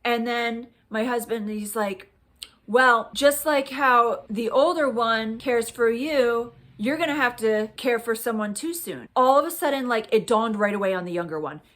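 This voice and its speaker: A woman in her late thirties casually telling a personal story to her phone camera, chatty and animated, acting out quoted dialogue. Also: on the high side, a little slow. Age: 30s. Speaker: vlogger.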